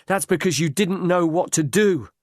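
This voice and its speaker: A man's voice: sits high, normal speed, no room sound, studio quality, voice pushed up, natural voice. A man reading aloud, voicing an anxious young male hero with an earnest, questioning manner.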